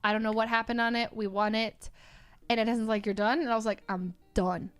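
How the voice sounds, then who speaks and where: A woman telling a story in casual chat, dramatic and quick to laugh. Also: fairly high pitch, clear, resonant tone, soft background music. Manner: animated, dramatic, laughs often. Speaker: streamer.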